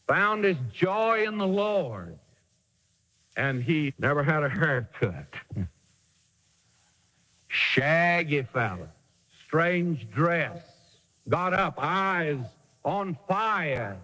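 A man's voice: on the high side, pushed and bright, big-room sound, poor audio. A man preacher delivering a sermon in an emphatic, dramatic way with sudden swings in delivery.

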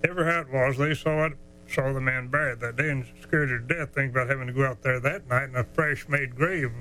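A man telling a folksy tale, drawling and chuckling as he goes, slowing down for the dramatic parts. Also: medium pitch, fairly even intonation, pushed and bright, a little hiss or hum, rough recording. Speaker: storyteller. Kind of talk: folksy storytelling.

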